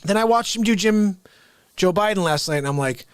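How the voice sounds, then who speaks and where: A man hosting an unscripted live comedy stream, talking in an excitable, rambling way and often cutting himself off mid-sentence. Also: high-pitched, fairly quick, clear, resonant tone. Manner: excitable, rambling, self-interrupting. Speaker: livestream comedy host.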